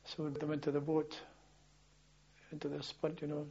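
An older man telling wartime memories as a former policeman, in a halting, rambling way full of restarts and chuckles. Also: on the high side, monotone, dark tone, husky, highs cut off. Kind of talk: oral history storytelling.

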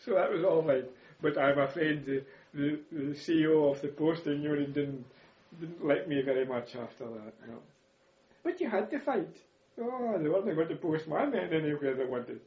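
A man's voice: on the high side, animated, moderate pace. Older man telling war stories, echoey. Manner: chuckles and repeats words while recounting. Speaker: interviewee, war veteran. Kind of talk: reminiscing storytelling. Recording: echoey room, slightly dull audio.

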